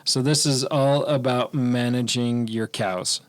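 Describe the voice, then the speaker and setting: A man's voice: medium pitch, steady tone, slow pace, dry recording. A man co-hosting a board game podcast, casually explaining how a game plays, with some fillers. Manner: explains rules at length, uses fillers. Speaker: podcast co-host.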